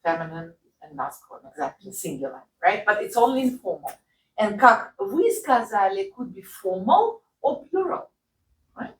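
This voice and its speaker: A woman's voice: mid-range voice, big pitch swings, moderate pace, reverberant, recorded from a distance, slight background noise, rough recording. A woman who speaks Russian natively, teaching a language lesson in English and having the learner repeat phrases after her. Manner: patient, drills phrases for repetition, checks with "right?".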